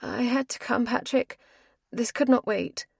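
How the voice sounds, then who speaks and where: A woman voicing a direct, anxious gentlewoman who speaks in a raised, urgent tone. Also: on the high side, a little slow, creaky, slightly rough, dry recording, studio quality, voice pushed up, full character voice.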